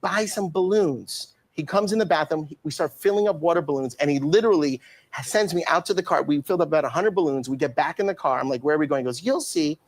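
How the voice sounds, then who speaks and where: Guy on a talk show telling a wild story, high voice, talks super fast, laughs a lot. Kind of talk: animated anecdote telling.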